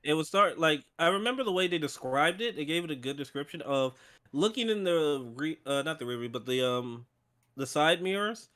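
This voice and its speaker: Lively, sarcastic male book club co-host. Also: fairly high pitch, brisk. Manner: animated, sarcastic, swears freely. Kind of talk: casual chat. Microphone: streaming setup.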